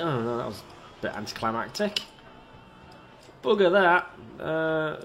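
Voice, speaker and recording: A man's voice: fairly high pitch, big pitch swings, unhurried, a bit bright, faint music behind. A man giving casual, rambling, self-mocking commentary as he plays a park-building video game and talks to its little characters. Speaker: video game let's-player.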